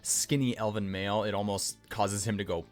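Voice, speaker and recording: A man running a tabletop game, narrating in a relaxed, chatty way. His voice sits fairly low, with faint music playing behind. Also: a little fast. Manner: relaxed, chatty, laughs often. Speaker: game master.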